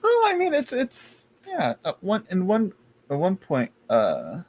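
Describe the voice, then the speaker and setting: A man's voice: sits high, huge pitch swings, a little slow, background noise. A man doing a live tarot reading stream, chatty and campy, laughing often and calling viewers "girl". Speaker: tarot reader.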